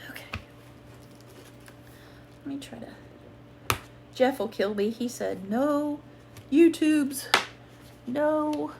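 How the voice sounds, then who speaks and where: High-voiced sick woman, hoarse and coughing. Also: slight background noise. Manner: rambling, chatty, apologetic. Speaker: haul vlogger. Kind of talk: casual chat to viewers. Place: at home, sitting.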